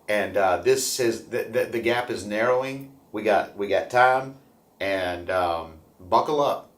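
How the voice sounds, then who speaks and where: A man hosting a local morning show, rambling and upbeat, often repeating words as he talks. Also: lowish voice. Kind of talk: casual local news talk. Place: room at a chamber building. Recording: roomy echo.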